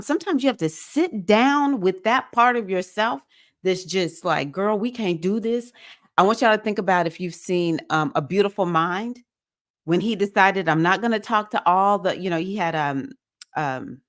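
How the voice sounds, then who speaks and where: A woman hosts a live-streamed spiritual circle in a casual, heartfelt way. She talks straight to her listeners and often acts out quoted lines. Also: mid-range voice. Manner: casual, conversational, animated with acted-out quotes. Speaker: host of a women's spiritual circle. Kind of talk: live-stream motivational talk.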